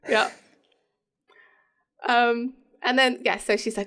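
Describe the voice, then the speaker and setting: A woman's voice: fairly high pitch, measured pace, pauses often, a bit bright. A woman co-hosting a podcast, chatting casually as she recaps a TV episode, laughing often and acting out quotes from it. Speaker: podcast co-host.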